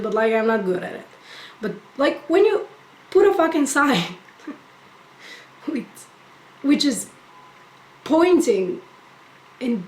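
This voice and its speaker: Profane ranting young woman, echoey room. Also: sits high. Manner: profane, exasperated, animated ranting. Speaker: vlogger. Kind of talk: casual storytime rant.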